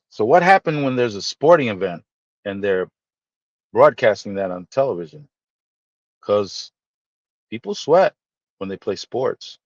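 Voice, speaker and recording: A man hosts a relaxed live stream and talks straight to his viewers. He teases them with playful, animated asides. His mid-pitched voice comes through a slightly muffled, dry microphone. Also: dry recording. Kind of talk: casual chat reading viewer comments.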